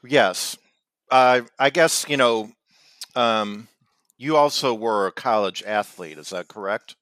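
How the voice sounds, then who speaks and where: A man with a low voice, co-hosting a podcast and chatting casually. He stumbles and restarts as he goes, and the recording is dry and close. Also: slow, a bit bright, dry recording. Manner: stumbling, self-interrupting. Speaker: podcast co-host. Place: lives in Virginia.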